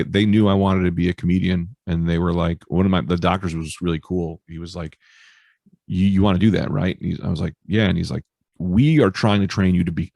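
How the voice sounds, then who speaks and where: A male stand-up comedian telling stories in a casual interview, animated and swearing freely. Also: sits low, creaky, no echo, clean studio sound. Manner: animated storyteller, swears freely, acts out quoted voices. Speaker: stand-up comedian, podcast guest.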